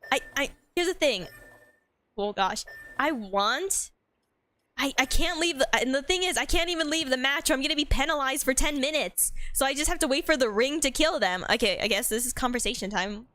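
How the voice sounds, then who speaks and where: A woman's voice: sits high, lively intonation, moderate pace, bright, forceful tone. A woman streaming a game, chatting casually with giggly, rambling trash talk. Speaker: gaming streamer. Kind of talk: casual live-stream chat.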